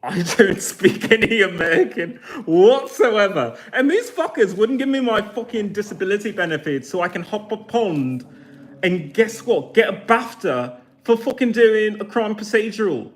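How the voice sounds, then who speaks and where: A man's voice: sits high, animated, normal speed. A man in his forties, talking to camera in a blunt, mocking rant full of swearing. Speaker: vlogger.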